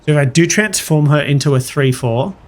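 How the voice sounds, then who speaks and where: Over his gameplay, a brisk man with a voice on the high side chats about his matches and shares animated anecdotes from his job on his gaming channel.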